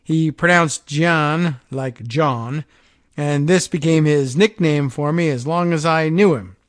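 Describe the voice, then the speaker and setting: A man with a fairly high voice reads a long first-person story to his listeners. His dry, close-miked delivery keeps dropping into quiet, sardonic side comments before he goes back to the reading. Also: unhurried, no room sound. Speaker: podcast host. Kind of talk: reading a story aloud with asides.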